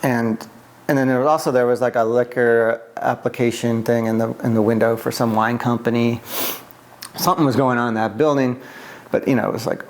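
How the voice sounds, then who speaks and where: A man's voice: medium pitch, fairly even intonation, fairly quick. A middle-aged man from the US East Coast, recalling his past in an oral history interview, with many fillers and restarts.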